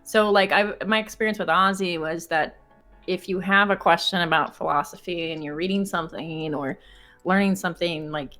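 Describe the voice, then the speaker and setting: Lady guest on a podcast, kinda low voice, giggles a lot, faint music behind. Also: fairly even intonation, moderate pace, fairly bright tone. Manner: giggly, chatty. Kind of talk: casual chat.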